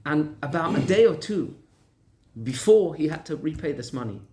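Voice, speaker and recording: A male rabbi telling a story in a lunchtime Torah class, animated and conversational. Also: fairly high pitch. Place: lecture room in Gibraltar.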